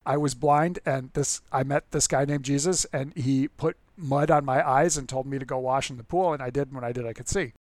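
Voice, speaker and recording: A man's voice: mid-range voice, fairly even intonation, fairly quick, few pauses, no echo, natural voice. A man voicing a young man, formerly blind, who gets snarky and exasperated at being questioned again and again. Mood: hesitant. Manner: snarky, repetitive retelling.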